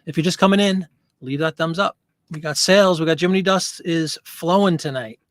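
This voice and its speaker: A man's voice: on the high side, brisk, fairly bright tone, no echo, clean studio sound. A man hosting a live stream, chatting casually and answering viewer comments.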